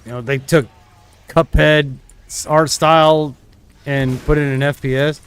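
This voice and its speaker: A man's voice: fairly high pitch, flat delivery, a little slow, clear, resonant tone. A young man streaming a shooter game, chatting casually and trailing off into mumbled asides. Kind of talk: casual gameplay commentary.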